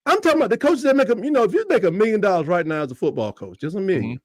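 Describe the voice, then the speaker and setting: Animated teasing man, high voice. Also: very fast, no room sound, low-quality recording. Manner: animated, teasing, punchy repeated jabs. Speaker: podcast host. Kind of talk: casual sports debate.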